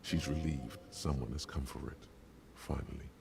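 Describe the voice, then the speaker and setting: A man narrating a video game in a measured, descriptive way. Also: rumbling low, steady tone, vocal fry, background noise, heavily acted. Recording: game audio with music behind.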